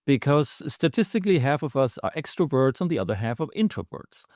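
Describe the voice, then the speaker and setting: A man giving advice as a guest on a podcast, explaining in a measured, methodical way. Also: mid-range voice, very animated, darkish tone, no echo, studio quality.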